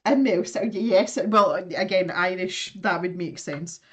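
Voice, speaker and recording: A woman's voice: lowish voice, a little slow, a bit bright, husky. A woman with a Scottish accent hosting an art live stream, chatting casually while she draws, laughing often and greeting viewers.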